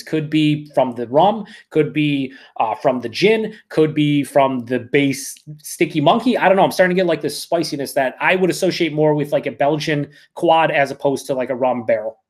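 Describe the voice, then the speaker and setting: Excitable man reviewing beer. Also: on the high side. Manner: excitable, profane, emphatic. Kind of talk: live-stream beer review.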